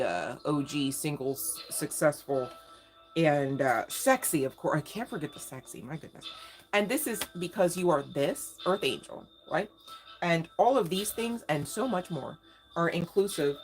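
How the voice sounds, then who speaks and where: A woman giving a casual live tarot reading, slangy and emphatic, talking straight to her viewers. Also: low-pitched. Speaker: tarot reader. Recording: faint music in background.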